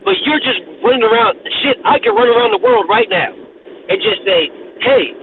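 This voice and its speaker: A man co-hosting a boxing talk show in casual heated chat, animated and profane, often repeating himself and restarting. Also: extremely high pitch, brisk, creaky. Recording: tinny phone-like line with noise.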